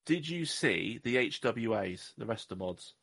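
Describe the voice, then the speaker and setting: A man's voice: medium pitch, lively intonation, normal speed, gravelly, fairly bright tone. A man from Southwest England, co-hosting a podcast in casual, jokey chat and often tripping over his words. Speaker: podcast co-host.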